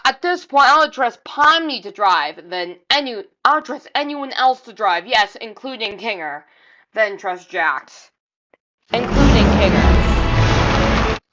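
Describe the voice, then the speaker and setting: A woman's voice: fairly high pitch, bright, forceful tone, muffled recording. A woman vlogger giving casual, rambling reaction commentary and often repeating herself.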